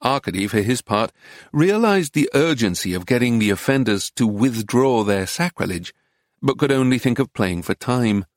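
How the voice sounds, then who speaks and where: A man's voice: mid-range voice, no room sound. Man narrating an audiobook, dry sound. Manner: measured, even storytelling. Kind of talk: scripted narration.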